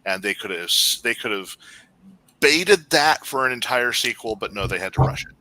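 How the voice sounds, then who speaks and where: A man's voice: mid-range voice, expressive, normal speed, pushed and bright. A man co-hosting a podcast in casual chat, rambling with many restarts as he critiques. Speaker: podcast co-host.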